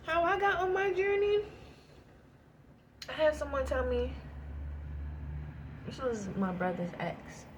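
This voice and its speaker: A woman casually telling a personal story to her viewers, animated and slangy, with swearing and frequent laughs. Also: high-pitched, slow, pauses often, lo-fi sound, background noise. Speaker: vlogger.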